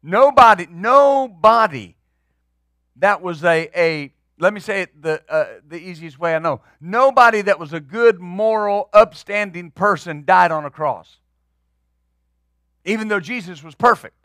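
A man's voice: sits high, normal speed, fairly bright tone, no room sound, studio quality. A man preaching as pastor, emphatic and building in bursts, often repeating words as he drives a point home. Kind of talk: sermon.

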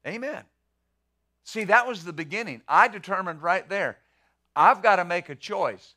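Middle-aged male pastor, bright and forceful, a bit high, talks his sermon like a chat and repeats words. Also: animated, normal speed. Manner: conversational preaching with rhetorical questions.

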